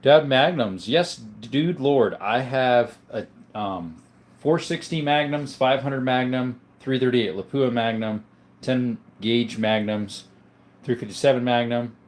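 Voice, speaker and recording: Male livestream host, mid-pitched, relaxed and chatty, fielding viewer questions. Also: slow pace. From Arizona, US. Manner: laid-back, answers chat questions one by one. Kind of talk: casual live chat reading viewer comments.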